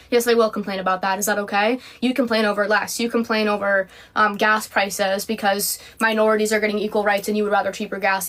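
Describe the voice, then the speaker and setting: Woman, slightly high voice, casual livestream storytelling, indignant, animated, sarcastic. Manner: sarcastic asides to critics. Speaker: livestream host.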